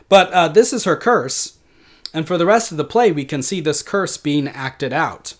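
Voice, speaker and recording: A man giving a recorded literature lecture, explaining in a steady way with many "uh" fillers. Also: on the high side, moderate pace.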